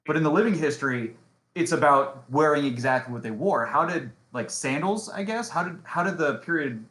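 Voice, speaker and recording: A man from Indiana co-hosting a podcast, asking halting questions and offering short, easygoing encouragement. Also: a little high, animated, a bit bright, echoey room, low-quality recording. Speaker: podcast co-host. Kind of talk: casual interview chat.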